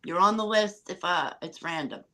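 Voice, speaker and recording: A woman's voice: fairly low pitch, moderate pace, pushed and bright, rough recording. A woman helping run a live stream, speaking in short, terse interjections.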